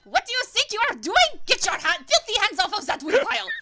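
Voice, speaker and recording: Woman putting on a shrill fabulous elf man. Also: sing-song, fast, sharp tone, exaggerated voice. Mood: indignant. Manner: shrill, indignant scolding. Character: haughty fabulous antlered male elf.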